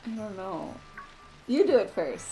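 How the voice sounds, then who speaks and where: A woman's voice: mid-range voice, sing-song, a little slow, music in the background. A woman co-hosting a gaming stream, chatting casually with teasing, joking banter. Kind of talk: casual chat while gaming.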